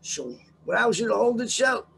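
Older male guest, profane storyteller, gravelly voice that leaps all over the place. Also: sits high, very animated, a little fast, fairly bright tone, a little hiss or hum. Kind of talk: storytelling in a casual interview.

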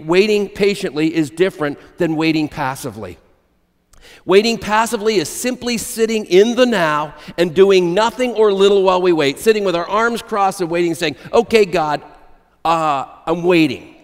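A male pastor delivering a sermon in a church sanctuary, his fairly high voice carrying with a long, ringing reverb. He speaks emphatically, repeating key phrases and weaving in illustrative stories.

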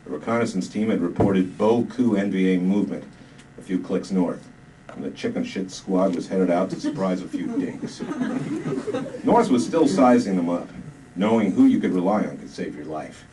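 Deadpan man reading his comic book. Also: low-pitched, moderate pace. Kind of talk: comic reading to a live audience. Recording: distant mic, noisy live room.

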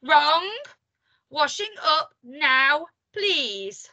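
A woman voicing a bossy little woman who barks orders slowly and loudly. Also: fairly high pitch. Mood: commanding.

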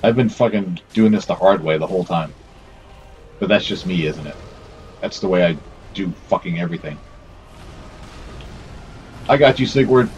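Deep-voiced man swearing through gameplay. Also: a little fast, long pauses, a little mellow, slight background noise. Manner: swearing, self-scolding and talking to the game's characters. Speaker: gameplay commentator. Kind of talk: let's play commentary.

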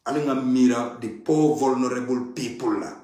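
A man's voice: mid-range voice, moderate pace, mellow. A man giving an impassioned political monologue, emphatic and pleading, repeating his key points. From Gambia. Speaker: party supporter giving political commentary. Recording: very echoey room.

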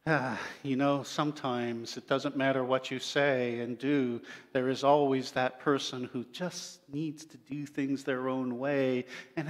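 A male pastor telling an animal story during a sermon, acting out the creatures as he goes. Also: mid-range voice. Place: church sanctuary. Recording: long church-hall reverb.

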